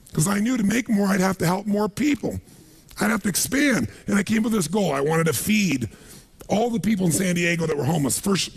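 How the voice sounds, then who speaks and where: A man giving an emphatic motivational seminar talk, calling out questions to a live audience. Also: high voice. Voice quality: raspy, gravelly. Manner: emphatic, calls out questions for the crowd to answer. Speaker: motivational speaker.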